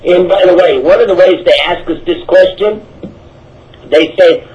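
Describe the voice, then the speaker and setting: Male preacher, high voice, emphatic and repetitive, muffled lo-fi sound. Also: moderate pace, a little hiss or hum. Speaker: Islamic preacher. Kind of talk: religious talk answering questions. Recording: dull lo-fi audio.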